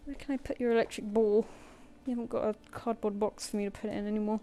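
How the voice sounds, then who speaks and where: A woman's voice: mid-range voice, steady tone, fast talker, dark tone. A woman artist chatting casually on a live stream, rambling and self-deprecating, and talking to her pet between thoughts.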